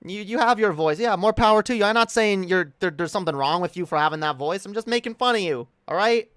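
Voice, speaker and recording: A man's voice: sits high, lively intonation, fast, fairly bright tone, clear, resonant tone, no echo, clean studio sound. A man streaming casual commentary in a mocking, combative way. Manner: mocking, combative, laughs often.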